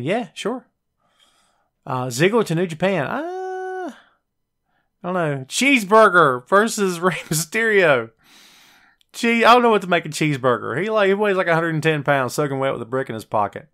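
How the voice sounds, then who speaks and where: A man hosting a casual wrestling talk show, chatty and jokey, talking straight to live viewers and tossing in quick high-pitched voices when he quotes wrestlers. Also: animated, fairly bright tone. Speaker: podcast host.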